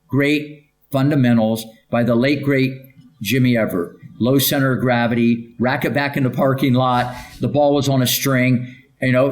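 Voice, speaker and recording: An older man, a tennis coach, recounts his stories in an emphatic, punchy way. He rattles off lists of names and keeps checking in with "okay?", at an ordinary, mid-range pitch. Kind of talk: podcast interview storytelling.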